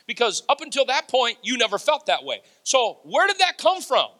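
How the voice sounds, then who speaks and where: A man preaching a sermon, animated, laughing and acting out quotes. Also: extremely high pitch, normal speed. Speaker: pastor.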